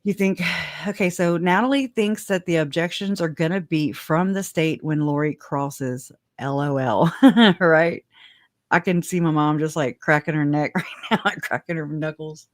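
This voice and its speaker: A woman hosting a casual livestream, chatty and giggly, whose voice leaps up high when she gets excited. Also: normal speed, no echo, clean studio sound. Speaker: livestream host.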